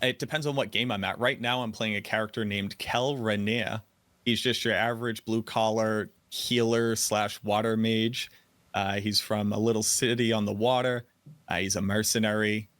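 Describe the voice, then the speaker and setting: A man's voice: on the low side, steady tone, moderate pace, fairly bright tone, dry recording. Chatty man from Boston's North Shore. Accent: light Boston. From North Shore of Boston, USA. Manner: chatty, self-deprecating storyteller. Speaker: guest content creator. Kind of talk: casual podcast chat.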